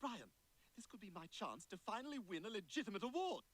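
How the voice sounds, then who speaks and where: A man's voice: sits high, big pitch swings, quick pace, a bit bright, full character voice, rough recording. A man voicing a scheming, pompous baby boy in a cartoon, talking in a haughty, theatrical way.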